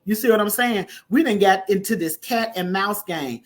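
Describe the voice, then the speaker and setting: A woman preaching a conversational sermon, calling listeners honey and baby and breaking into loud emphatic bursts. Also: mid-range voice, normal speed, few pauses. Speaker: prophetess preaching online.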